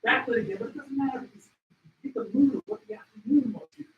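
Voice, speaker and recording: A man telling wildlife photography stories to an expo audience, excitable and loud at the peaks, acting out the animals. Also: very high voice, fast talker, roomy sound, distant mic, dull audio, slight background noise. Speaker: wildlife photographer giving a talk. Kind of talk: animated storytelling presentation. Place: expo hall. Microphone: handheld mic.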